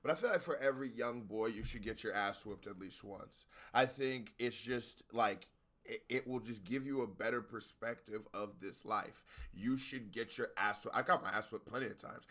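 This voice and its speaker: A man hosting a music reaction video, talking casually and bluntly with plenty of profanity, often jumping up into high-pitched exclamations. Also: moderate pace, fairly bright tone.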